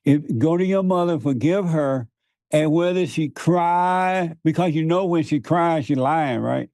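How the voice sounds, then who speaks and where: A man's voice: a little high, measured pace, darkish tone, dry recording. A man preaching to his interviewer in an emphatic, repetitive way, laughing often. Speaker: guest.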